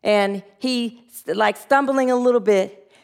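Woman spiritual teacher with a somewhat high voice, earnest sermon delivery and call-and-response affirmations. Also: a little slow, vocal fry.

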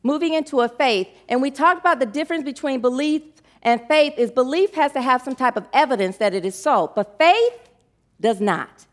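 Lively, high-voiced woman minister preaching. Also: normal speed. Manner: animated and emotional, laughing often. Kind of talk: sermon.

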